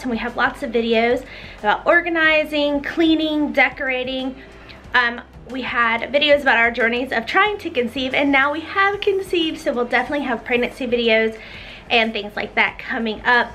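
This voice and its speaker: A woman's voice: high voice, sharp tone. A young woman gives a chatty, upbeat tour of her home for a vlog, a little out of breath, with lots of fillers. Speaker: homeschooling mom vlogger.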